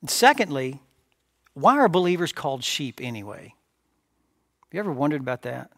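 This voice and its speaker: A man's voice: a little high, very animated, normal speed, a bit bright, no room sound. Emphatic male preacher, dry sound. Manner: emphatic, repeats phrases, rhetorical questions. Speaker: pastor. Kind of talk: sermon. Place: church sanctuary.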